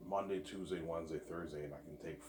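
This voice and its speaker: A man's voice: very deep voice, steady tone, quick pace, background noise. A young man rambling casually and profanely, often repeating and stumbling over his words. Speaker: vlogger. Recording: echoey room.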